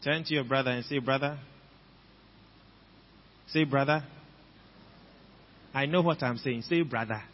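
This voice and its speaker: A man with a Ghanaian accent preaching a sermon in a church, slow and emphatic, repeating phrases for the congregation. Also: mid-range voice. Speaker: pastor. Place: church hall. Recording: dull, lo-fi recording with long hall reverb.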